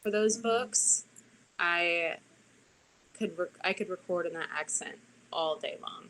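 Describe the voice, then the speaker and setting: A woman audiobook narrator talks shop in a relaxed, chatty conversation. Her voice sits a little low but has a bright, forceful edge. She talks on freely and often goes back to restart her phrases. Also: takes it slowly, a little hiss or hum, poor audio. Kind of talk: casual conversation.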